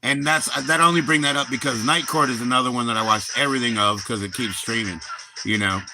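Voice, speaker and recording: A man's voice: mid-range voice, steady tone, fast, over music. A man hosting a livestream, chatting casually in a rambling, profane, laid-back way. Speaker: livestream host.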